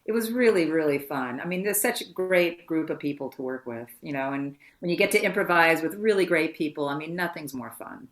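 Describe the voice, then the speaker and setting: An actress being interviewed on a podcast, telling lively anecdotes and acting out the voices of people she quotes. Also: sits low, fairly quick, few pauses. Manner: lively storyteller who acts out quoted voices. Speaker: actress guest.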